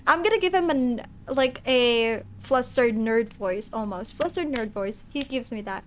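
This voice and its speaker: High-pitched woman streamer, super excitable, reading the game out loud and chatting w her viewers. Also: measured pace, slight background noise. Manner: excitable, chatty, reads game text aloud. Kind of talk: live game commentary.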